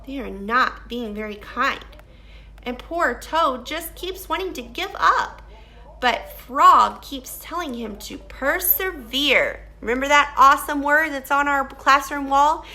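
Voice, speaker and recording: Slow, bright-voiced woman teacher. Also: sits high. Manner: slow, questioning, explaining to children. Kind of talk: reading a picture book aloud to a class.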